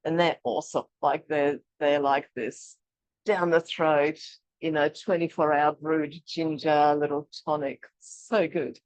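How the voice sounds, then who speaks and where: A woman's voice: low-pitched, unhurried, dry recording, muffled recording. Chatty woman leading an online workshop. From Eastern Europe. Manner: chatty, animated, laughs often. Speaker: workshop leader. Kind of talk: casual online workshop teaching.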